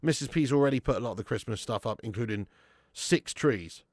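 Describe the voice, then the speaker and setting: A man's voice: mid-range voice, expressive, a little fast, dry recording, clean studio sound. A man hosting a live football watch-along, reading the chat and chatting with viewers in a casual, sweary way, calling everyone mate and laughing often.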